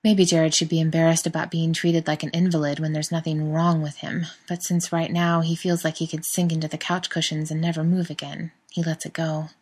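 Female narrator, lower pitch, steady storybook reading. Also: fairly quick, few pauses, slightly rough. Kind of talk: scripted narration.

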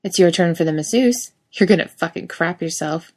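A woman's voice: lowish voice, moderate pace, husky. A woman voicing a smirking, teasing office prankster. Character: mischievous smirking male coworker.

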